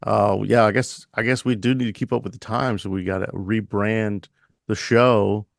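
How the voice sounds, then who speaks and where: Gravelly guy cohosting a podcast, dry close mic, deadpan jokey riffing. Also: on the low side, normal speed, no echo. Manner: deadpan mock-announcer riffing. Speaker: podcast co-host. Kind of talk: casual podcast banter.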